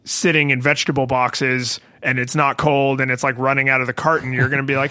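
A man's voice: medium pitch, a little fast, hardly any pauses, dry recording, studio quality. A man co-hosting a podcast, talking casually and wryly about tech companies and acting out quoted voices. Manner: wry, animated, acts out quoted voices.

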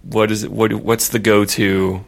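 A man's voice: lowish voice, level tone, unhurried, gravelly. Wry, inquisitive man in casual chat. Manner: inquisitive, wry, stammering starts.

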